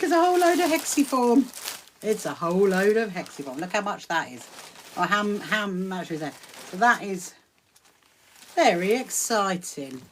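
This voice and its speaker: A cheerful woman hosts a live sewing stream from a home sewing room, talking to viewers while she works at the machine. Her chat is upbeat and full of quick greetings and laughs. Her pitch sits in the middle range, with a faint hiss in the background. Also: a bit bright. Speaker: livestream host.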